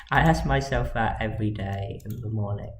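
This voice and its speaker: Slow, rambling man, echoey room. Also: fairly low pitch. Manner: rambling, jokey, mutters while he works. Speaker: livestreaming 3D modeller. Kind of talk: casual livestream commentary while working. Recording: echoey room with faint noise. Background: keyboard and mouse clicks.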